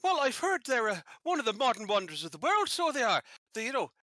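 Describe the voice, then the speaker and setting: A man's voice: very high voice, big pitch swings, fast, sharp tone, no echo, clean studio sound, heavily acted. A man voicing a chatty Irish stage magician from Dublin, rambling in a folksy, lilting way. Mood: cheerful.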